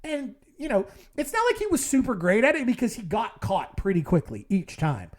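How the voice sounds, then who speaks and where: A man hosting a podcast casually, his voice moving lively up and down as he recaps. He rambles with wry asides and plenty of fillers. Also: sits high, normal speed. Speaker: podcast host.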